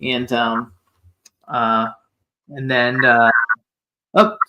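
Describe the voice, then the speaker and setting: A man's voice: medium pitch, little pitch movement, drawn-out words, noisy background. A man hosting a radio interview show, chatting in an upbeat, promotional way as he plugs projects and welcomes guests. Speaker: host. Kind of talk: casual radio interview chat.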